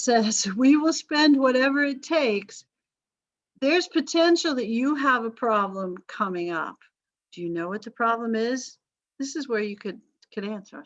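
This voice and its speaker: A woman's voice: fairly high pitch, dry recording, dull audio. A woman teaching a history lesson over a video call, chatty and wry, often correcting herself and making asides. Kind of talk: online class lecture.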